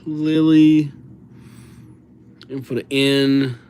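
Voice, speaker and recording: A young man, speaking at an unhurried pace with an ordinary mid pitch. He chats casually while he writes names on a livestream, joking and giving out nicknames. His voice sometimes drops to a mutter as he leans toward his writing. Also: little pitch movement, a little mellow, smooth. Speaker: livestream calligraphy host.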